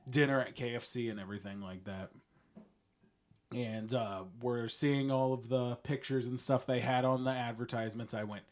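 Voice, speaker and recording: A man hosting his own podcast alone, talking in a rambling, jokey way with frequent chuckles, swinging between low mutters and loud bursts. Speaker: podcast host. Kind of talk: casual solo podcast monologue.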